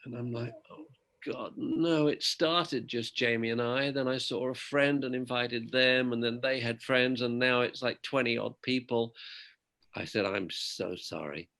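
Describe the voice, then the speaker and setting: An older man, a guest, telling a personal story in a reflective, emotional way, often halting and restarting. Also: medium pitch, steady tone, a bit bright.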